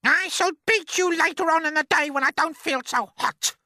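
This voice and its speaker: A man's voice: fairly high pitch, huge pitch swings, slow pace, creaky, sharp tone, dry recording, studio quality, voice pushed up, heavily acted. A man voicing a spiteful old aunt in a storybook reading, screeching and snapping. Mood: cruel. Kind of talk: storybook character voice.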